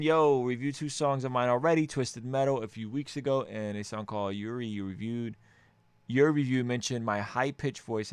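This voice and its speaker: A man's voice: mid-range voice, fairly bright tone, clean tone, no room sound. A man hosting a casual music review, upbeat and joking as he gives feedback on songs.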